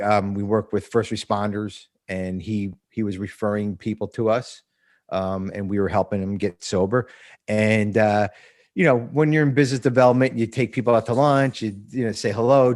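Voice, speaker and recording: On a podcast, an emotional man in his fifties from New Jersey talks frankly and profanely about recovery, often breaking into laughter during the casual interview. His voice is fairly low with a darkish tone.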